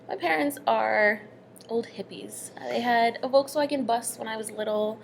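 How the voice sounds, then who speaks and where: A woman's voice: on the high side, moderate pace, vocal fry, a little hiss or hum. Earnest young woman telling her story. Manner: earnest, dropping to hushed asides. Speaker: storyteller sharing a personal story. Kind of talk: casual personal storytelling.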